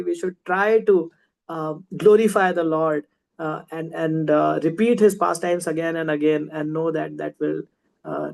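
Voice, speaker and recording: A man's voice: high voice, vocal fry, darkish tone, poor audio. Man, casual scripture teacher on a video call, chatty, hesitant, lots of ums. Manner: chatty, hesitant with many fillers. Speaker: class teacher. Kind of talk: scripture class storytelling.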